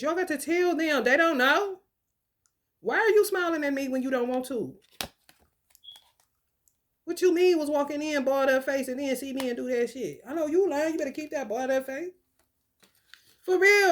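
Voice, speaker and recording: A woman giving casual spiritual commentary, profane and animated, with laughing asides. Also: high-pitched. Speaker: spiritual reader.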